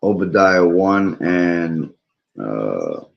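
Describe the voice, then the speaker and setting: Hoarse deep-voiced man preaching prophecy. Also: sing-song, drawn-out words, highs cut off. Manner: rambling, repeats "all right?" and "okay?". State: losing his voice. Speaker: bible teacher streamer. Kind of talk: preaching on prophecy, reading scripture.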